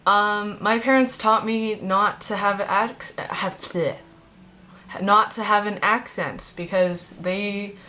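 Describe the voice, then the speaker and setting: A woman's voice: medium pitch, steady tone, takes it slowly, pushed and bright. A young adult woman and native Chinese speaker, telling rambling, chatty stories in a casual vlog with many fillers. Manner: chatty and rambling, heavy use of "like". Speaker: vlogger.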